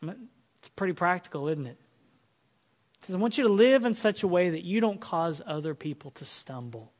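A male pastor preaching an earnest sermon, swinging between loud emphatic lines and soft quiet ones. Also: high voice, animated, fairly quick, long reverb tail.

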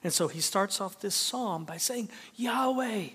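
A man preaching a sermon as pastor, shifting between emphatic declarations and hushed near-whispers. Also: high-pitched, moderate pace, husky. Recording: long hall reverb.

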